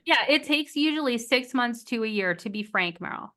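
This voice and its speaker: A woman therapist explaining relationship skills in a podcast interview, animated and acting out quoted lines. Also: fairly high pitch, moderate pace. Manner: animated, acts out quoted voices of clients. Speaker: marriage and family therapist guest.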